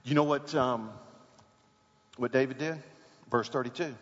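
A man preaching a sermon, telling a sports story with rising excitement and shouts. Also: mid-range voice, moderate pace, long pauses, in a large hall, muffled recording.

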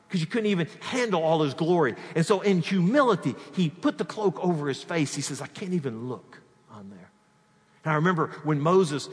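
A male pastor preaching a sermon, swinging from loud emphatic peaks to quiet asides. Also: on the high side. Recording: long reverb of a hall.

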